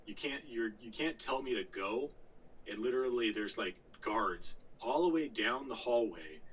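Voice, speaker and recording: A man's voice: medium pitch, lively intonation, moderate pace, a bit bright, distant mic, slight background noise, rough recording. A man co-hosting a podcast, telling a long gaming story in casual chat, full of fillers, restarts and the odd swear word. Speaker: podcast co-host.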